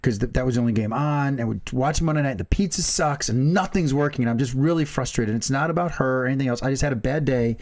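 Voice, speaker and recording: A man co-hosting a casual podcast, from the American Midwest. He talks in a teasing way, laughs often and swears freely, at a middle pitch. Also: quick pace, few pauses, darkish tone. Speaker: podcast co-host. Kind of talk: casual chat.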